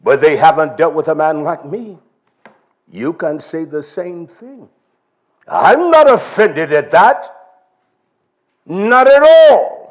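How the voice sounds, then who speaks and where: Male preacher, higher voice, slow emphatic delivery with big swings in pitch. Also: lively intonation. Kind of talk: sermon.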